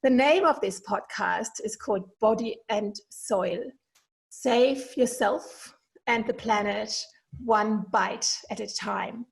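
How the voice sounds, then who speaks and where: A German-accented woman in her forties talks eagerly through a solo podcast from her kitchen. Her voice has a gravelly, fry-tinged texture, and she rambles a little with ums and uhs as her excitement carries her along. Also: mid-range voice, takes it slowly, poor audio. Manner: enthusiastic, rambling with fillers. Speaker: podcast host, veterinarian. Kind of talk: casual solo podcast monologue. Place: home kitchen.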